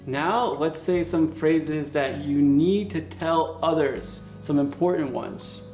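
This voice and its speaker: A man giving a casual video lesson as a language teacher, patiently explaining and repeating words slowly for learners. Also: fairly high pitch, darkish tone. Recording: echoey room with faint music.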